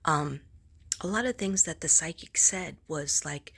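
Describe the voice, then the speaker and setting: A woman's voice: sits low, slow pace, gravelly, pauses often, fairly bright tone, husky. A woman vlogger and psychic reader chatting casually to the camera, rambling with many restarts and asides, sometimes dropping to a near whisper.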